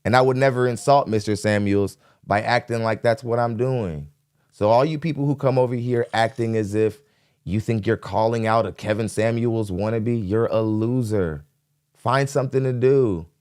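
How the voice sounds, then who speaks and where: A man hosting a live podcast stream, giving energetic shout-outs to viewers and then talking plainly to them. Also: fairly low pitch, normal speed, smooth, no echo. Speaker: podcast host. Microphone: dynamic studio mic. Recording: hip hop music underneath.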